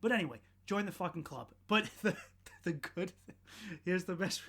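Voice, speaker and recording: A man hosting a podcast, delivering a sardonic, profane comedic rant that rambles, restarts and swings between loud outbursts and muttered asides. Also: high-pitched, lively intonation, moderate pace. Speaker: podcast host.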